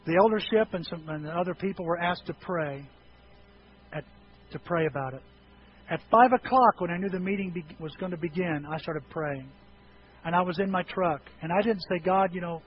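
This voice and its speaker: A pastor preaching a sermon, moving from quiet, conversational talk to impassioned shouting and acting out prayers. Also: male voice, high-pitched, brisk. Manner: acts out prayers and dialogue. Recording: dull lo-fi with faint noise.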